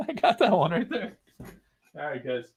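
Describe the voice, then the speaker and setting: A man's voice: fairly high pitch, huge pitch swings, a little slow, creaky. A man from the Northeastern United States, a card collector hosting his channel, telling rambling, joking stories while he opens card packs at home. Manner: rambling, joking, trash-talking banter. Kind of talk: casual storytelling while opening card packs.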